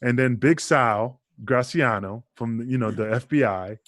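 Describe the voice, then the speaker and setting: A man's voice: medium pitch, a little slow, dry recording, studio quality. Profane, rambling New man. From Queensbridge, New York. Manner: profane, rambling, animated storyteller. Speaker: podcast guest, wrestler. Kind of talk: casual storytelling chat.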